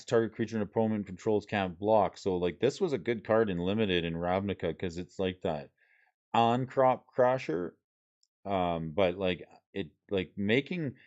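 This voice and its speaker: Low-voiced man chatting on stream. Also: a little mellow, highs cut off. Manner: reads card names and rules aloud, chats with viewers. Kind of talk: casual livestream chat while sorting cards.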